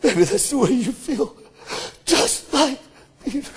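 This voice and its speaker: High-voiced impassioned male preacher. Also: expressive, takes it slowly, husky. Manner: impassioned, voice breaking with emotion. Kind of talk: sermon.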